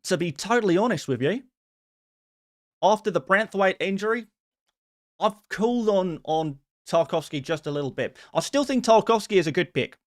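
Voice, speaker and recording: Breezy put-on Australian bloke, voiced by a man, slangy banter, slightly high voice. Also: expressive, moderate pace. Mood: jokey. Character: man putting on a jokey Australian accent.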